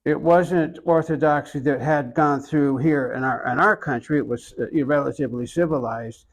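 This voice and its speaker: Gravelly older man from Oklahoma. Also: fairly high pitch, lo-fi sound. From Oklahoma, USA. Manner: slow, reflective storytelling with many pauses. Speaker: interviewee, iconographer. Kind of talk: storytelling in an interview.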